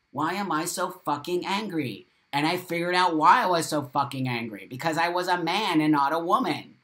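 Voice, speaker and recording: A man's voice: a little high, a bit bright. A middle-aged man hosting a live video show, delivering a blunt, profane, preachy monologue and repeating phrases for emphasis. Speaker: host of a live morning show.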